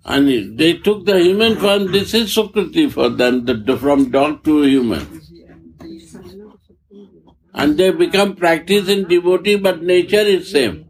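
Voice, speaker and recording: Giving a spiritual discourse, a man speaks in halting, non-native English, often repeating or restarting phrases before finishing them. His slightly high voice has a gravelly, creaky texture, and he talks slowly and deliberately with long pauses. The recording is rough.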